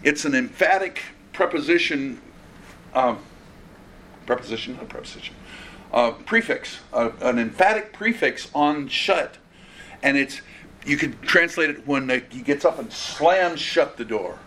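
A man preaching an expository sermon in an earnest, conversational way. He restarts phrases as he goes. His voice sits a bit high for a man, and a faint hiss runs underneath. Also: lively intonation, measured pace, pushed and bright.

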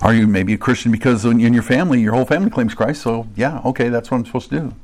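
Earnest preacher man, quiet to emphatic. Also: rapid-fire, a little hiss or hum. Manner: earnest preaching, swinging from low, quiet stretches to high, emphatic bursts; acts out quoted voices of imagined listeners. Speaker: pastor. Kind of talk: sermon.

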